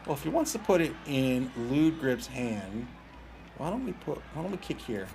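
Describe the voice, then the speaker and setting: A man's voice: mid-range voice, very animated, normal speed, gravelly, noisy background. A man casually commentating his own video game match, taunting his opponent and chatting with viewers. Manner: banters with chat, taunts opponents, laughs.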